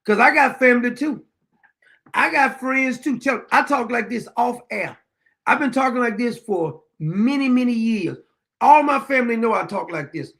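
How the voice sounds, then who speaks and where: A man's voice: very high-pitched, animated, moderate pace, creaky, a bit bright. A middle-aged man hosting his own show, delivering a blunt, combative political monologue and swearing freely. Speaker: show host.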